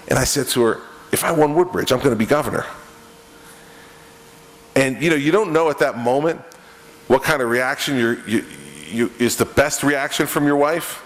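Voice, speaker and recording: A man's voice: medium pitch, slight background noise. A middle-aged man giving a conversational, joking campaign speech, speaking directly to the audience. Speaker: political speaker at a campaign event. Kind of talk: stump speech with storytelling. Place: event room with an audience. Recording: reverberant event hall.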